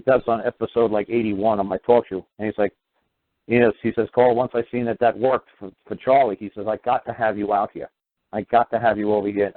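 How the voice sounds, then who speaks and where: A man's voice: lowish voice, dry recording. Man, talk show host, casual storytelling, acts out quoted voices, tinny phone-line sound, dry.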